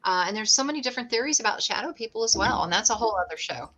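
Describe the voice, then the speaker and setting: Lively intonation marks her somewhat high, pushed, bright voice. A middle-aged woman and ghost tour owner, she's a guest in a casual chat, a talkative storyteller who jokes quickly.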